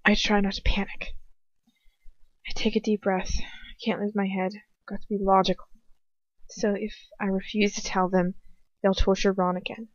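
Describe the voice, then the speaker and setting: A woman's voice: mid-range voice, little pitch movement, moderate pace, pauses often, no echo. A woman narrates a fan fiction story in first person, reading earnestly and sometimes stumbling and restarting. Her voice sits in a middling range. The recording is dry and dull, like a lo-fi home setup. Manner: earnest, with occasional slips and restarts. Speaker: audiobook reader.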